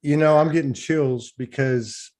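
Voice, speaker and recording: A man's voice: a little high, fairly even intonation, unhurried, darkish tone. Emotional man hosting a livestream. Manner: emotional, effusive, rambling with restarts. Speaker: host of an online spiritual talk show. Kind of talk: casual livestream chat.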